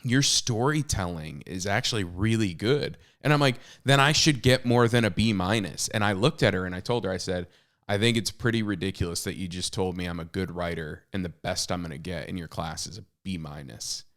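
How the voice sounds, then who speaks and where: A brisk, slightly bright voice that sits low belongs to a man in his thirties, a podcast author and co-host. He's candid and self-mocking as he tells stories casually, peppering them with fillers and restarts.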